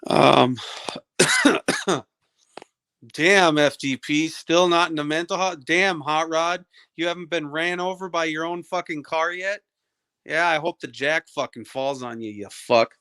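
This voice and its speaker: A man's voice: fairly high pitch, sharp tone, clean tone, no room sound, clean studio sound. A young man on a livestream, ranting at a viewer in his chat, profane, combative and taunting.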